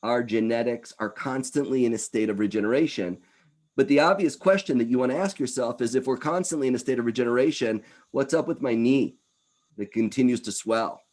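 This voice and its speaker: A man in his fifties giving a lively presentation talk. His voice sits in a middle pitch, and he speaks with energy, rushing through some phrases and slowing for others. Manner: energetic, animated, quick bursts. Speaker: wellness speaker.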